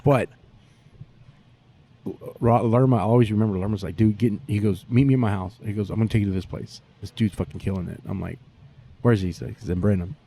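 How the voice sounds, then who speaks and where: A man, a barbecue pitmaster telling stories in a profane, animated way during a casual interview. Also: fairly low pitch, quick pace, a little hiss or hum.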